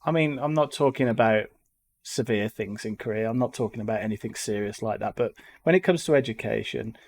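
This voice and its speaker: A man's voice: fairly low pitch, fairly quick. Rambling English man, Black Country accent. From England. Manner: rambling, exasperated, repeats words. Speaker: reaction video host. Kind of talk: casual commentary.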